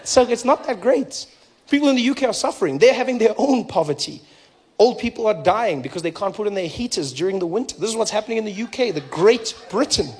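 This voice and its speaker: A man's voice: high voice, fast talker, husky. Man telling stand-up stories. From South Africa. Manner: storytelling with lively impressions. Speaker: stand-up comedian. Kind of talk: stand-up comedy.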